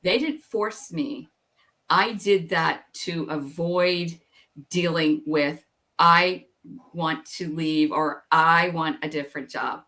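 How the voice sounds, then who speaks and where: A woman's voice: sits low, slow pace, sharp tone. A middle-aged woman telling her own story as an interview guest. She talks candidly, says "like" and "you know" often, and acts out her past thoughts.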